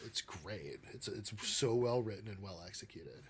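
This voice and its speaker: An eager man talking as a podcast guest, often restarting his sentences as the ideas come. His voice is bright and forceful, with a faint hiss of noise behind it. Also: lowish voice, lively intonation, normal speed. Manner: eager, stumbles over restarts. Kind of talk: casual chat.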